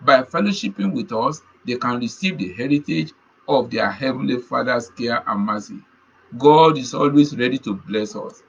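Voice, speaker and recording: Male preacher, gravelly and husky tone, earnest testimony style, dull lo-fi sermon recording. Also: medium pitch, expressive, normal speed. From Nigeria. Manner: earnest storytelling, repeating key phrases.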